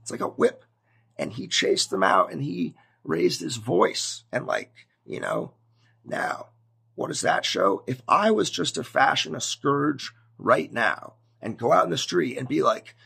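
A man giving a casual, conversational sermon to his viewers, animated and prone to acting out scenes. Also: mid-range voice, unhurried, creaky, breathy edge. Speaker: preacher.

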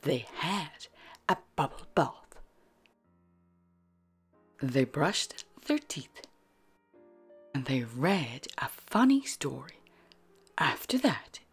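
A woman reading a children's bedtime story aloud in a soft, half-whispered, sing-song manner. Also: a bass voice, vocal fry, husky.

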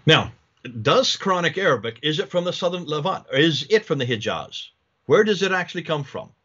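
A man's voice: fairly high pitch, big pitch swings, a little fast, sharp tone, husky, dull audio. A man giving a slide lecture, explaining in detail, asking rhetorical questions and restarting his sentences often.

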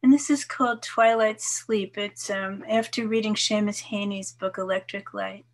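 An older woman in her seventies reads her own poems in a measured, expressive voice of middling pitch. Some lines drop soft and low. Between poems she chats casually with her listeners. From New York, USA. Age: 70s. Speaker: poet. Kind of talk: poetry reading with casual asides.

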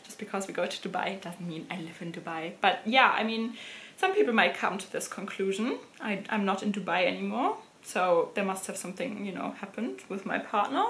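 A woman's voice: medium pitch, big pitch swings, brisk, fairly bright tone. Giggly woman with a German accent. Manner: laughs and giggles often. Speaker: luxury fashion vlogger. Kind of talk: casual chat to camera. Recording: roomy echoey room.

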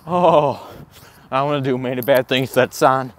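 A man doing a comedic walking vlog outdoors, gasping and swearing in awestruck excitement. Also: medium pitch, fast talker. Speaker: comedic vlogger in character. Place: outdoors, walking around a campus. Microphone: handheld camera.

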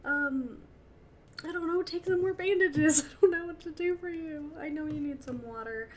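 A woman's voice: sits high, normal speed. A young woman commenting on her game as she plays, emotional and laughing often, talking to her characters. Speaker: gaming channel host. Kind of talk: let's-play commentary.

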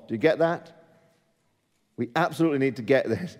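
A man's voice: medium pitch, fairly quick, pauses often. Emphatic male preacher in a reverberant church. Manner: emphatic, rising to forceful peaks; asks the congregation direct questions. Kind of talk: sermon.

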